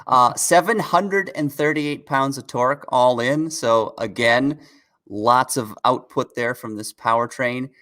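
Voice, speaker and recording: A man's voice: medium pitch, a little slow, bright, forceful tone. Laid-back man co-hosting a car show. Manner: laid-back, chuckles often, reads out chat questions. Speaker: co-host of a car news show. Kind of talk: casual live-stream chat.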